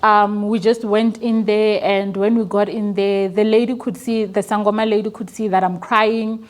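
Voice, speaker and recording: A woman's voice: medium pitch, little pitch movement, normal speed. A young woman speaks earnestly as an interview guest. She tells her story with feeling, at times stumbling and repeating words. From South Africa. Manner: earnest, emotional, repeats words when moved.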